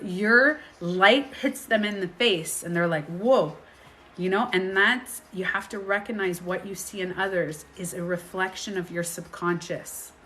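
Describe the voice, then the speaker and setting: A woman speaking as a healing coach in a casual coaching talk to viewers, animated and acting out inner voices, reading and answering viewer questions. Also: medium pitch.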